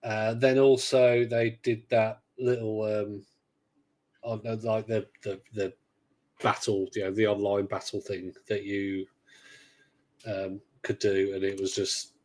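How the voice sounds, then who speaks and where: A man hosts a casual podcast chat in a slow, low-ish, darkish voice with little pitch movement. He rambles hesitantly with many fillers and restarts, and his humor is dryly sarcastic.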